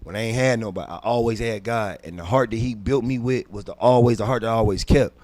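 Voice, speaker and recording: A man, a comedian guest on a podcast, telling a personal story intensely and dropping from hushed to loud, with frequent repeats and restarts. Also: fairly low pitch, fast, no echo. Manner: repeats words and restarts while recounting.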